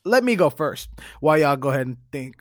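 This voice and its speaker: A man's voice: fairly high pitch, very animated, fairly quick, no echo, clean studio sound. Laid-back joking podcast co-host man. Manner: laid-back, joking, poses questions to the group. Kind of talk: casual chat.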